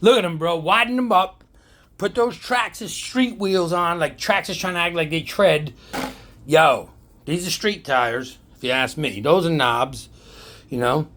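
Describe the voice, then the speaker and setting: A slightly high, somewhat bright male voice, unhurried, with slight background noise. He's an RC car hobby vlogger from New Jersey, a bit tipsy from drinks, chatting casually to camera as he shows off his cars, rambling, joking, swearing, and saying "right?" often.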